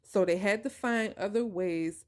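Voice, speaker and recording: A woman's voice: mid-range voice, a little slow. Emphatic woman telling a personal story. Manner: emphatic, animated, addresses listeners directly. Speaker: podcast host.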